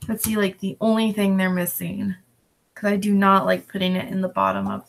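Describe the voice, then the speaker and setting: A woman's voice: fairly low pitch, fairly quick, gravelly, poor audio. A woman vlogging casually while she works on her reselling listings, rambling along and breaking off to talk to her pets. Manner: relaxed, rambling, talks to her pets in between. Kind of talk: casual chat while working. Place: at home with dogs and a cat around.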